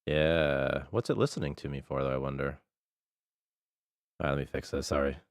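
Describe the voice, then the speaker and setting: A man's voice: a bass voice, normal speed, clear, resonant tone. A man, a game developer, chatting casually on a livestream and muttering to himself while he fixes his setup. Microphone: desktop mic with webcam.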